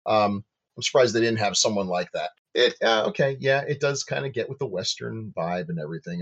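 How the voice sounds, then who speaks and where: Husky man on dull lo-fi audio. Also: lowish voice, big pitch swings, a little fast. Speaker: podcast co-host. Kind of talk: casual film discussion.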